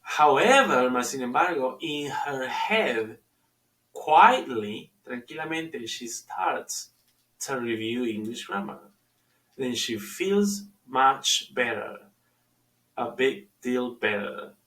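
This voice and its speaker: A man teaching an English lesson, repeating phrases slowly for his students to drill and stopping to explain pronunciation. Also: medium pitch, lively intonation, a bit bright. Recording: echoey room, far from the mic.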